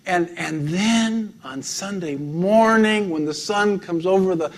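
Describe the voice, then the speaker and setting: A man, a pastor, preaching a sermon, telling stories with frequent light laughs and drops to a soft, intimate tone. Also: high-pitched, slow.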